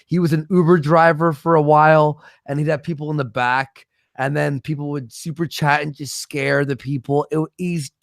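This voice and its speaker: A man's voice: on the high side, level tone, normal speed, vocal fry, no room sound, studio quality. A man rambling through profane stories in a casual livestream chat.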